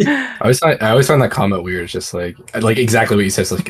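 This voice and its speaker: A man's voice: on the low side, wildly swooping pitch, fast talker, slightly rough. A man, a game developer hosting a panel, talking easily with many fillers. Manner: easygoing, filler-heavy, laughs readily. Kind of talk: casual panel chat.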